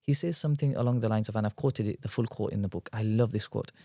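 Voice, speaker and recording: A man, a guest scholar, explaining at length in a podcast discussion, quick and animated, weaving in Arabic terms. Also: lowish voice, no echo, clean studio sound.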